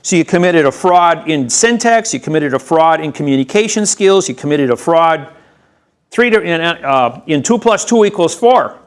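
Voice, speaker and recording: A man speaking at a seminar, telling a long story in a rambling, halting way with frequent restarts and a colloquial "I says". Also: a little high, animated, clean tone. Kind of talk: storytelling lecture.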